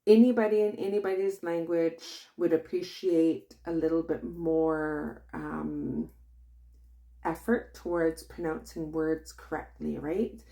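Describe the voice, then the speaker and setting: A woman with a thick Kwak̓wala-influenced English accent, teaching in a casual vlog, unhurried and loose with plenty of fillers. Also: lowish voice, warm tone. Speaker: language teacher.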